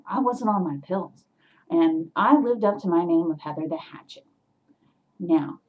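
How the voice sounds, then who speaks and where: A woman telling an animated story to her webcam at home, getting loud and worked up as she goes. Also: lowish voice, husky, dull audio. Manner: animated, swings into loud agitated retelling. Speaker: vlogger.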